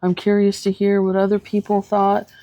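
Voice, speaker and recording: A woman's voice: medium pitch, completely flat delivery, moderate pace, mellow, dry recording, lo-fi sound. A woman therapist giving her casual thoughts on a show, thoughtful and hesitant with many ums and restarts. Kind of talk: casual video commentary.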